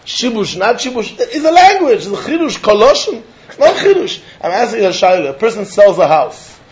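A man teaches a Talmud lesson in carrying a lilt, his voice sitting high. He keeps pressing rhetorical questions and chuckling as he reasons aloud. The recording sounds dull and lo-fi. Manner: animated, asks rhetorical questions, chuckles often. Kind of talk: Talmud lecture.

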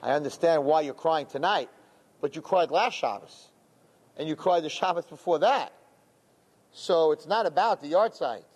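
A man voicing a devout young man who gently and earnestly urges his grieving mother to stop crying. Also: a little high, normal speed, breathy edge, big-room sound. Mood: pleading.

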